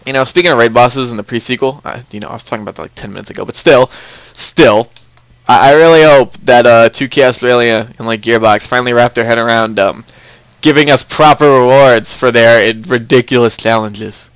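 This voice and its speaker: A man's voice: medium pitch, a little fast, fairly bright tone, clean tone, no echo. A young man hosting a casual game commentary, chatty and rambling, often repeating himself. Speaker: let's play host.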